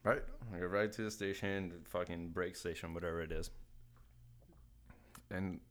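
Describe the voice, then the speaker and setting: A young man from California telling a travel story in casual podcast chat, animated, swearing a lot and acting out the voices of the people in his story. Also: low-pitched, moderate pace.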